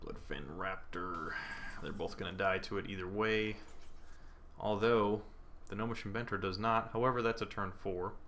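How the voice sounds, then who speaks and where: A man's voice: lowish voice, fairly even intonation, normal speed, fairly bright tone, slight background noise. A young man commenting on his own card game as he plays, thinking aloud and hesitating between moves. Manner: thinking aloud, hesitant, with playful put-on panic. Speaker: gameplay commentator. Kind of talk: casual gameplay commentary. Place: indoor room at home, planes passing overhead.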